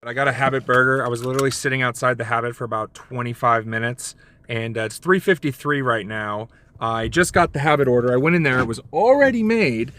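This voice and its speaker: A man's voice: fast, fairly bright tone, a little hiss or hum. A man vlogging casually from his car about his delivery shifts, telling stories and acting out the voices of people he met. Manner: chatty storyteller, acts out quoted lines with big pitch jumps. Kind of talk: casual vlog monologue.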